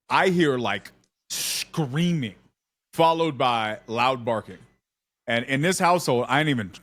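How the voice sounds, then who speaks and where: Man telling a story on a podcast, casual and slangy, bouncy pitch, dry mic. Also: fairly bright tone, no room sound.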